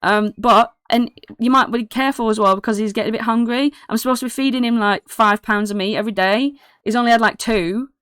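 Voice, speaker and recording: A woman voicing an excitable, chatty young boy who jumps from topic to topic. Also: on the high side, clear, resonant tone, dry recording, pitched above the performer's own voice, close to an everyday voice. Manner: breathless rapid chatter, jumps between topics.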